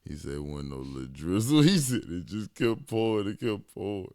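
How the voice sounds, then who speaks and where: A man with a very low, gravelly voice spins a funny story in casual chat. He laughs often and acts out the other people in his story. The sound is dry and close. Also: normal speed, dry recording. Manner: animated, laughs often, swears freely, quotes friends in raised voice. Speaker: podcast co-host.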